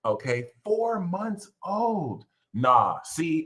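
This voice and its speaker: A man hosting an astrology show, ranting casually and animatedly, swearing and jumping into high mocking voices when quoting others. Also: lively intonation, measured pace, fairly bright tone, low-quality recording. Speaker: astrology channel host. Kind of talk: casual livestream rant.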